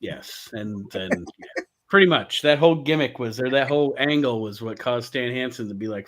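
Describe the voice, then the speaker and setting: A man hosts a relaxed chat show, reading out wrestler stat cards and breaking off into jokes. He laughs often, and his voice sits at a middle pitch. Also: moderate pace. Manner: laughs often, reads stats then riffs. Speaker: podcast host.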